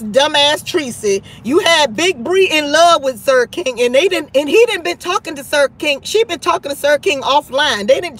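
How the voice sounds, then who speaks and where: Woman host, high voice, gossipy, animated. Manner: animated, gossipy, full of "child" and "honey". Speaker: live-stream host. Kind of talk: casual live-stream chat.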